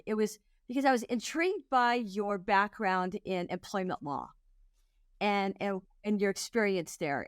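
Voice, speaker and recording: Woman podcast host, friendly conversational delivery, dry close sound, mid-range pitch. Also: no room sound. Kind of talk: podcast interview.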